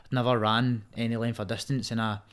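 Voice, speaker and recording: A man's voice: medium pitch, flat delivery, fast talker, fairly bright tone, clean tone. A young Scottish man, a fighter, talking earnestly and swearing freely as a podcast guest. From Scotland. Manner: sweary, earnest, says "mate" often. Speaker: guest, Muay Thai fighter. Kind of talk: casual podcast chat.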